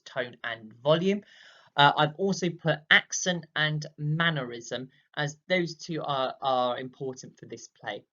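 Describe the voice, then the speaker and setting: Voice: medium pitch, lo-fi sound. A drama teacher giving a recorded lesson, explaining patiently with many fillers and acting out examples.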